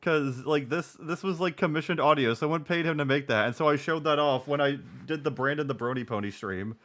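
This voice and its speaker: A man's voice: medium pitch, fairly quick, a bit bright. A man in his twenties streaming, reacting to a video with sarcastic, profane commentary. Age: 20s.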